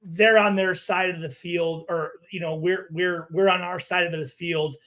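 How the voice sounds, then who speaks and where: Casting: high-voiced male ex-player, rowdy storyteller, swears freely. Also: normal speed. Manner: profane, animated storyteller. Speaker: former pro football player guest. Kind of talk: storytelling in a podcast chat.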